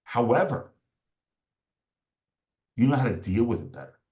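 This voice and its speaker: Hombre con entonación muy expresiva. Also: male voice, medium pitch, sing-song, unhurried, darkish tone. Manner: explains step by step, acts out angry inner voices. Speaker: performance coach. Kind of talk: podcast interview.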